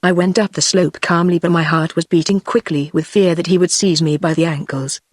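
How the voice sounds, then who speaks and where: A text-to-speech woman's voice with a British English accent, reading a classic story as an audiobook narrator in an even, steady way. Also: fairly low pitch, brisk, dry recording, studio quality.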